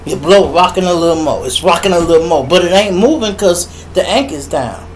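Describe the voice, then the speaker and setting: A middle-aged man with a Chicago accent hosting a podcast, telling a story in an animated, profane monologue and acting out voices and sound effects. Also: a little high, a little fast, slight background noise, poor audio. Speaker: podcast host.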